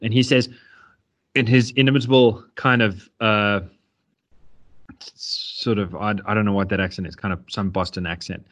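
A man's voice: fairly low pitch, steady tone, normal speed, long pauses, a bit bright. Man, podcast co-host, rambling, jokey, stammers. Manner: rambling, joking, stammering restarts. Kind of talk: casual political chat.

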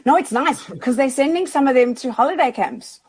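A woman with a somewhat high voice chats as a guest on a radio show. She talks freely and laughs easily. She drops bits of casual slang as she goes. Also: fairly quick, a little mellow, breathy edge. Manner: chatty, laughs often, drops Australian slang.

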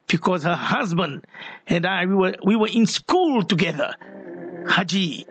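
A man's voice: sits high, expressive, unhurried, fairly bright tone, breathy edge, no echo. A man hosting a call-in radio show, rambling and repeating his words as he reads out listeners' messages.

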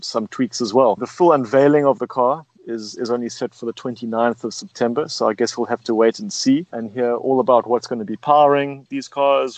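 A man's voice: mid-range voice, darkish tone, no room sound, low-quality recording. A man hosting a casual radio chat, easygoing and jokey. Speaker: show host.

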